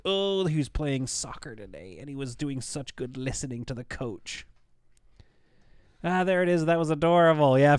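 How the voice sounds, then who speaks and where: A man's voice: mid-range voice, a little mellow, dry recording, studio quality. A man in his thirties chatting casually on a live stream, tired from staying up all night, joking and rambling to his viewers. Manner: joking, rambling, talks to chat.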